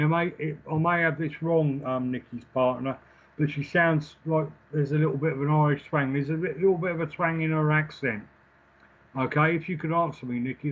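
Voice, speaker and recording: A man working as a psychic medium and giving a live spirit reading. He talks in a gentle, reassuring way and keeps checking in with "okay?" and "all right?". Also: medium pitch. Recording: slightly dull lo-fi stream audio.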